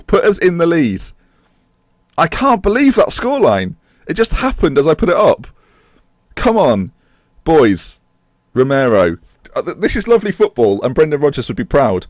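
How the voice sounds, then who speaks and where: Excitable man commentating a game. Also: a little high, moderate pace, dry recording. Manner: excitable, shouts and laughs at the screen. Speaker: gaming YouTuber and streamer.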